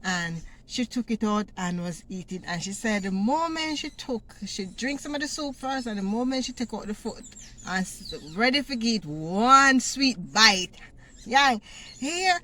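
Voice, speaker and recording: Lively high-voiced woman storyteller. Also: measured pace, slight background noise. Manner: animated, laughs often while telling. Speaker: vlogger. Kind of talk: storytime vlog.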